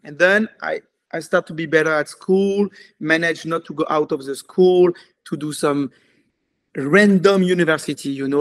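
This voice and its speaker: A man with a French accent, a native French speaker, telling his life story in a casual, rambling interview full of fillers. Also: a little high. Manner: animated, rambling, many fillers. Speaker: commercial filmmaker.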